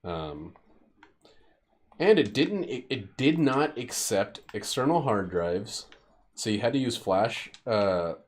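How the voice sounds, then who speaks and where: A man's voice: lowish voice, sing-song, slow pace. Rambling, cussing young guy streaming a game. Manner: rambling, profane, joking. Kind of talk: casual gameplay commentary.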